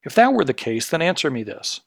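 A man's voice: a little high, big pitch swings, fairly quick, vocal fry, no echo. Indignant middle-aged man, dry close mic. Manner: earnest and indignant, building to pointed outrage. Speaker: podcast host, healthcare consultancy CEO. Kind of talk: scripted spoken commentary.

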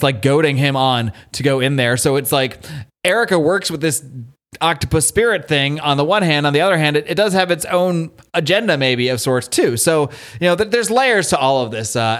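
A man's voice: medium pitch, fairly quick, fairly bright tone. A man hosting a podcast, casually and animatedly retelling a comic's plot and swearing now and then. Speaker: podcast host. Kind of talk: casual chat recapping a comic.

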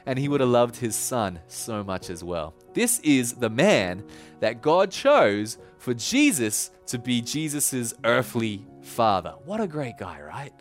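A man preaching a casual, lively sermon, telling a Bible story with enthusiasm. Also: mid-range voice. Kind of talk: conversational sermon.

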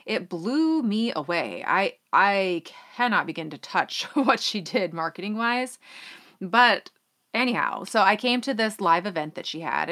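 A woman hosting her own business podcast, telling a personal story in a chatty, animated way and acting out the quotes. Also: medium pitch. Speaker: podcast host.

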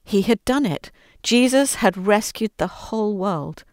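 A woman's voice: medium pitch, animated, measured pace, few pauses, dry recording, clean studio sound. A woman speaking earnestly as an interview guest, then reading aloud from her storybook, giving quoted lines a little voice of their own.

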